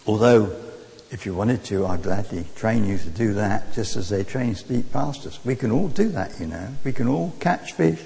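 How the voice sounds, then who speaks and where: A man preaching a sermon to his congregation and telling a story in a lively, conversational way, recorded in a church. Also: fairly low pitch, moderate pace, vocal fry. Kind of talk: anecdotal sermon. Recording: long reverb of a church hall.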